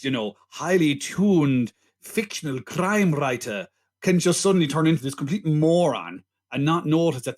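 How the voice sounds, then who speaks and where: A man co-hosts a casual film podcast, chiming in and teasing his partner. His voice sits a little higher than most men's. He keeps a loose, conversational tone. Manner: laughs along, interjects, teasing. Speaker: podcast co-host. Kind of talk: casual film review chat.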